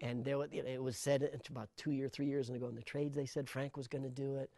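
A middle-aged man, a sound designer, telling stories in an interview with lively restarts and repeated words. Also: mid-range voice, fast talker, dry recording. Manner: animated storyteller, repeats words when starting thoughts. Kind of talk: interview conversation.

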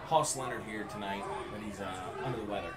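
A man's voice: fairly low pitch, fast, echoey room, far from the mic, a loud crowd. A man co-hosting a casual chat, joking and riffing with mock outrage over a wrestling match. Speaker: podcast co-host.

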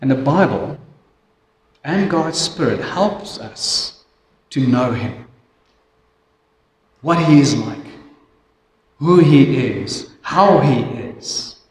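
South African pastor preaching in an echoey church. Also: male voice, medium pitch, animated, slight background noise. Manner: slow and emphatic, drops to quiet intensity. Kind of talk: sermon.

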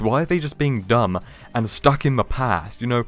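A man's voice: mid-range voice, expressive, normal speed. Chatty man hosting gaming commentary. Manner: chatty, rambling, addresses viewers as lads. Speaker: gaming video host.

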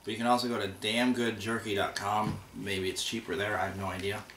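A man co-hosting a casual taste-test chat, relaxed and thinking aloud as he compares flavors. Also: on the low side, brisk. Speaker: co-host. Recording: roomy room, mic a bit far, faint noise.

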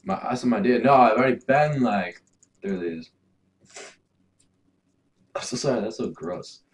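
A man's voice: mid-range voice, moderate pace. A young man giving casual, crude, jokey commentary while playing a video game. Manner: laid-back, crude, jokey, mumbling asides. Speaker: gaming video host.

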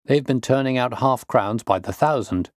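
A man reads the part of a bluff, hearty police inspector in a storybook tale, pitching his medium voice above his own natural one while staying close to everyday speech. He talks at a normal speed in studio-quality audio with no room sound.

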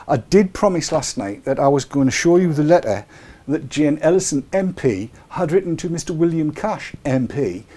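Male host, middle-aged, slightly raised pitch, rambling and full of jokes on a live chat show. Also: dark tone. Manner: joking, rambling, chuckling asides. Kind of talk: casual live webcast chat.

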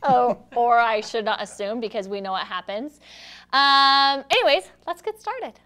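A woman's voice: a little high, animated, moderate pace, sharp tone, smooth. Chatty, giggly woman hosting a live show. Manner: chatty, giggly, self-deprecating. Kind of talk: casual live-stream chat.

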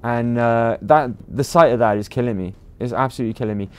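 A man's voice: medium pitch, fast talker, clean tone. A man with a British accent, chatting casually to viewers while livestreaming a game, rambling with lots of ums and uhs. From Britain. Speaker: game streamer.

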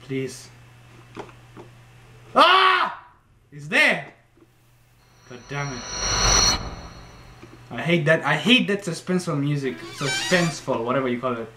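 Brief: young man, horror let's play, bright, scared and shrieking, echoey room, faint hiss. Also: mid-range voice, normal speed, long pauses. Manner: jumpy, shrieks and swears when startled. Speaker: gaming YouTuber. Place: room at home.

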